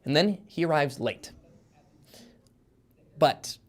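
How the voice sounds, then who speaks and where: A man's voice: medium pitch, normal speed. Rambling man explaining with many fillers. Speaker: guest author. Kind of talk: casual podcast chat.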